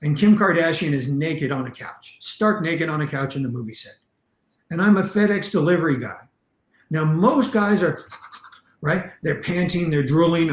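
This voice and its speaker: A man with a somewhat high voice lays out self-defense principles as a podcast guest. He talks emphatically and bluntly, driving each point home. The sound is roomy and echoey. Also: moderate pace. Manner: animated, emphatic teaching with blunt examples. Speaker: martial arts instructor and self-defense coach. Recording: roomy echo.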